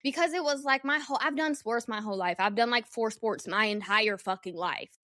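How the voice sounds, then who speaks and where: Young woman podcast host, frank and foul-mouthed, animated, slightly high voice, dry close sound. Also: brisk, no echo. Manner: candid, profane, animated. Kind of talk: casual solo podcast storytelling.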